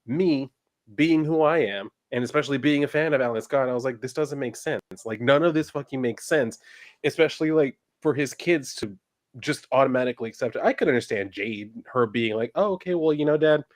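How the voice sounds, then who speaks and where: A man's voice: medium pitch, a little fast. A man co-hosting a casual pop culture chat, heated and ranting, swearing freely. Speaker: podcast co-host.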